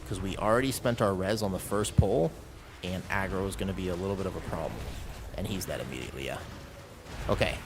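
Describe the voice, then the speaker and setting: A man streaming a game, calmly talking through his play and chatting with viewers in a relaxed, thinking-aloud way. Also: low-pitched, noisy background. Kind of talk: live gameplay commentary and casual chat.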